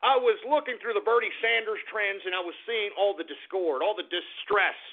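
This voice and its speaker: A man's voice: sits high, normal speed. A man hosting a talk radio show, ranting gleefully and mocking his listeners. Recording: tinny phone-like radio audio.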